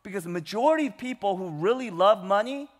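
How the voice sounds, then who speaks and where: A man's voice: sits high, expressive, fast talker. A male pastor preaching a sermon with emphasis, putting rhetorical questions to his congregation. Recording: long hall reverb.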